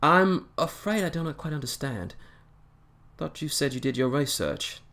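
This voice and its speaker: A man voicing a smug, jovial male alien time traveler who teases with a bright, lifted voice. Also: very animated, fast talker. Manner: playful and teasing, rising high and loud.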